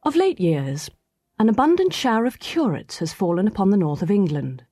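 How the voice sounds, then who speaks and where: A woman narrating a classic novel aloud in a measured, storytelling manner. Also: mid-range voice, very animated, warm tone, slightly rough. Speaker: audiobook narrator. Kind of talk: scripted reading of a classic novel.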